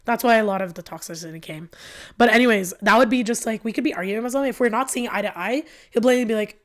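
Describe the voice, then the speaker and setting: A woman guest on a podcast telling her own story frankly, in an animated way with many fillers. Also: a little high, very fast. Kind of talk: candid personal storytelling.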